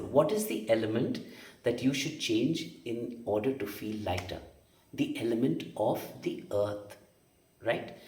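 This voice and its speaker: A man with a mellow, medium-pitched voice teaches energy healing and meditation in a spoken lesson. He is emphatic, repeats phrases, and often asks rhetorical questions. The sound is roomy and distant.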